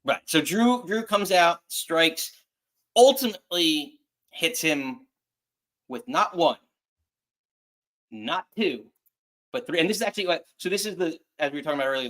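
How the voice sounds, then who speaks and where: A man hosting a casual wrestling chat show, talking in a rambling, halting way with frequent restarts. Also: on the high side, a bit bright. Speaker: podcast host.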